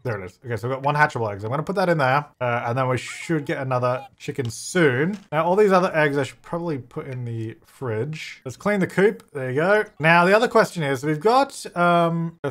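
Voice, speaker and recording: Young male gamer, slightly high and very lively voice, casual chatty commentary, quick to laugh. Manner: chatty, laughs often, talks to game characters. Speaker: gaming YouTuber.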